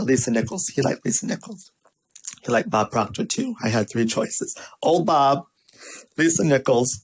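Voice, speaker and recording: A man giving a motivational marketing talk, animated and repetitive, telling stories with playful asides. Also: mid-range voice, poor audio. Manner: lively, repetitive, storytelling delivery with playful asides. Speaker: marketing speaker.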